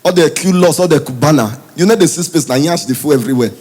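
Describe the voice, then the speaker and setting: A Nigerian man doing stand-up comedy in Pidgin English, telling stories in an animated way. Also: on the high side, quick pace, breathy edge. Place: comedy stage before a live audience.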